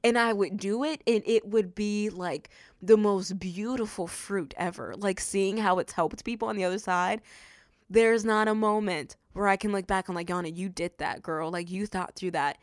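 A young adult woman hosting a faith-based podcast, telling stories and acting out what people said in an animated way. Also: mid-range voice, moderate pace, dry recording, studio quality. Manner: animated storytelling, acts out quotes. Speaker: podcast host.

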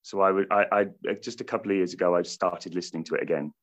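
A man's voice: low voice, steady tone, very fast, fairly bright tone, lo-fi sound. A British man, a stage actor, chatting casually in an interview, rambling with many restarts and frequent laughter. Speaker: stage actor playing a comedian.

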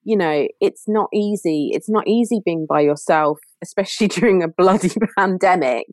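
A woman's voice: fairly low pitch, moderate pace, dry recording. A woman speaking as a podcast guest in a casual chat, earnest and reflective, often restarting her sentences.

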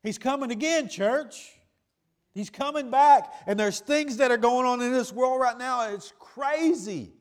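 A male pastor, preaching a sermon that swings between quiet, low asides and loud, raised cries. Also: unhurried, smooth.

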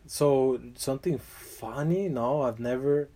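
A man's voice: medium pitch, slow, dark tone. A young man chatting casually as a guest, rambling with lots of fillers and slang. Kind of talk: casual chat.

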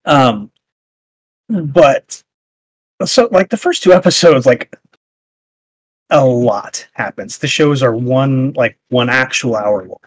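A man's voice: medium pitch, lively intonation, slow, no room sound. A man co-hosting a casual podcast chat, rambling with lots of fillers and restarts as he recaps a show. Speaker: podcast co-host.

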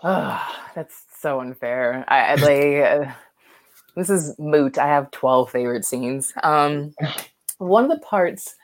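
Speaking slowly in a low-pitched voice on a dry recording, this podcast co-host rambles through a relaxed movie discussion. She laughs frequently and keeps stopping, restarting and filling pauses.

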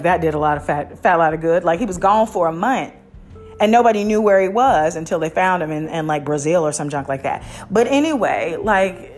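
A woman's voice: mid-range voice, a little mellow. A woman hosting a podcast in casual chat, candid and opinionated, with frequent fillers and restarts. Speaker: podcast host.

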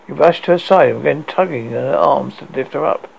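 A man's voice: on the high side, fast talker, vocal fry, slightly rough, poor audio. A man reading a story aloud with a stumbling delivery, often restarting words.

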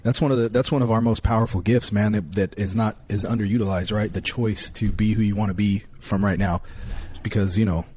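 A man's voice: lowish voice, fairly even intonation, fairly quick, few pauses, a little mellow, a little hiss or hum. A man hosting a podcast, casually affirming his guest and thinking aloud. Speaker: podcast host.

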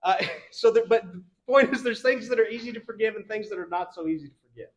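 A man's voice: sits high, fast, highs cut off. Casual, chatty man preaching. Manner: casual, conversational preaching with fillers and laughs. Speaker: pastor. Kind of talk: sermon. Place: church.

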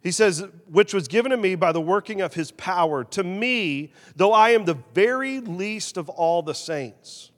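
A man preaching a sermon as pastor, animated, swinging between loud emphasis and quiet, confessional asides. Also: high voice, a little slow, hardly any pauses, in a large hall.

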